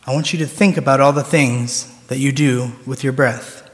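A male preacher giving a sermon that leads a slow, soft guided breathing meditation. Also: medium pitch, fairly even intonation. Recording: long reverb of a large room.

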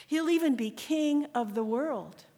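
A woman's voice: sits high, expressive, unhurried, mellow, voice pushed up. A woman reading aloud as a frightened, desperate young mother with a baby, urgent and earnest. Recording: echoey room with long reverb.

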